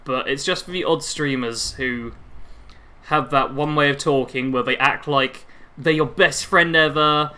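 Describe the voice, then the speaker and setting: A man's voice: fairly high pitch, unhurried, pushed and bright, clear, resonant tone. A man in his twenties chatting casually with his viewers while playing a game, rambling and reacting to the action mid-sentence. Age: 20s. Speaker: gaming livestreamer.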